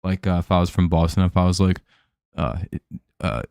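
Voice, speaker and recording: A man's voice: low voice, flat delivery, brisk, mellow, no echo, studio quality. A man hosting a live stream, casually commenting on a baseball game, rambling with many fillers and restarts and frequent chuckles.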